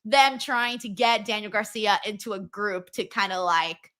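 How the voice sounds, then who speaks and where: A woman's voice: mid-range voice, normal speed, a bit bright. A young woman co-hosting a wrestling watchalong, chatting playfully, laughing often and swearing casually. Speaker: co-host of a wrestling watchalong stream. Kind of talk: casual chat.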